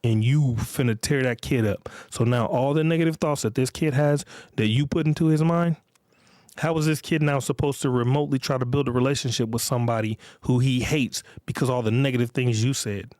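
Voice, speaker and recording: A man's voice: mid-range voice, steady tone, brisk, a little mellow, dry recording, studio quality. A middle-aged man hosting a podcast, talking in a blunt, profane, emphatic monologue and often repeating himself. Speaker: podcast host. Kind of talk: casual monologue.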